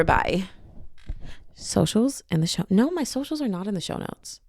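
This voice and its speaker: A woman hosting her own podcast, chatting casually and excitedly about a book she loves. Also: a little high, moderate pace, creaky, no room sound, studio quality. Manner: animated, gushing, laughs often. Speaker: podcast host.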